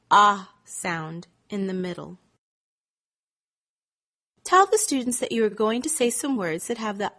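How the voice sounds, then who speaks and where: A woman narrates a phonics lesson as a reading teacher, her delivery unhurried and measured. She sounds out vowel examples in a deliberate, stretched-out way, pitched at an ordinary middle range. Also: fairly bright tone. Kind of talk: scripted instructional narration.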